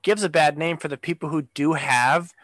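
A man's voice: fairly high pitch, normal speed, fairly bright tone, no echo. A man co-hosting a casual chat, ranting with lots of swearing and fillers.

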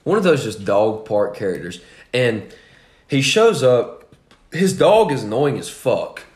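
A man's voice: mid-range voice, unhurried. Profane, laughing young man telling stories. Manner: profane, animated storyteller who laughs often. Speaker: podcast host. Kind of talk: casual storytelling chat. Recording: echoey room.

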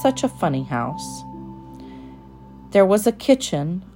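A woman reading a children's storybook aloud in a gentle, unhurried manner. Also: fairly low pitch, big pitch swings, faint music behind.

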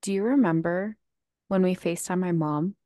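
A woman's voice: lowish voice, normal speed, no room sound, studio quality. A woman co-hosting a podcast in casual chat, telling stories animatedly with lots of "like". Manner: animated storyteller, laughs, heavy use of "like". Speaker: podcast co-host.

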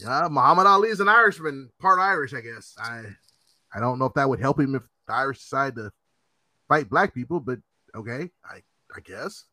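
A man co-hosting a podcast in casual chat, animated and swearing, often acting out what people said. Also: medium pitch, fairly quick, no echo. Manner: animated, swearing, acts out quotes. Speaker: podcast co-host.

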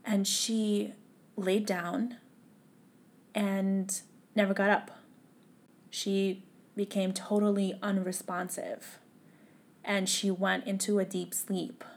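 A woman's voice: medium pitch, little pitch movement, vocal fry. Tearful young woman telling a painful story. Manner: tearful, halting, drops to a whisper at times. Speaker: podcast guest. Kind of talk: emotional personal storytelling.

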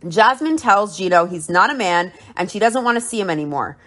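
A woman's voice: mid-range voice, expressive, brisk, a bit bright. A woman hosting a podcast, recapping and commenting on a reality show in a blunt, opinionated way and swearing freely. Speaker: podcast host.

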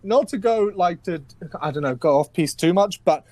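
A man's voice: sits high, expressive, normal speed, a little mellow, no echo. A man with a Southwest English accent, chatting casually as a podcast guest and often restarting his sentences. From Southwest England. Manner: chatty, self-deprecating, with lots of restarts. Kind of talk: casual chat.

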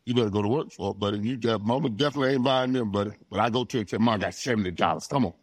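Casual: middle-aged guy from florida telling stories loud and lively, acts out the back-and-forth, laughs a lot, dry close sound. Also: fairly low pitch, racing, no echo. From Florida, USA. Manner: animated, acts out dialogue, laughs often. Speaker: interview guest, retired football player. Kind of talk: casual storytelling.

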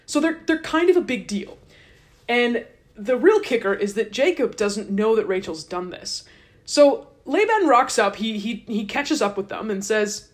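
A woman's voice: a little high, expressive, unhurried. A woman podcast host casually retelling a scripture story in a chatty, wry, irreverent way.

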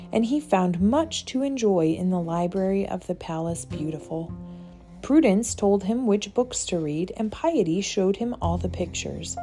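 A woman narrating a children's audiobook in a gentle, measured storytelling manner. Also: mid-range voice. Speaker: audiobook reader.

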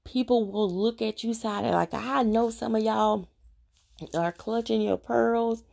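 A woman speaks earnestly to her viewers in a confessional devotional talk. Her voice is dark and mellow, with a gravelly fry running through it. She preaches directly at whoever is listening. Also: on the high side, unhurried. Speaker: Christian vlogger sharing her faith journey.

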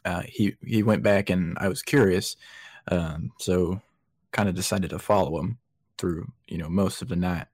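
A man voicing a weary, disheveled man in a half-attempted southern accent, talking in a rambling, halting way. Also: deep voice, darkish tone, husky, no room sound. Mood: anxious.

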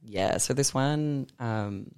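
A young man, chatting animatedly as a podcast guest, swearing freely and reading poems with slow force. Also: medium pitch, gravelly, a little mellow, smooth, no echo, studio quality. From Australia. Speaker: guest artist and poet. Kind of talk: casual podcast chat.

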